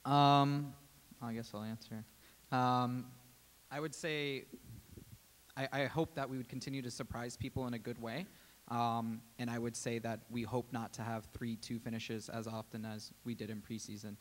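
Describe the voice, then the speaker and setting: A man addressing the press as a team president, speaking in a measured way with frequent "um"s. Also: medium pitch, little pitch movement, slight background noise. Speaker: team president and general manager. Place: media day press table. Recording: reverberant hall.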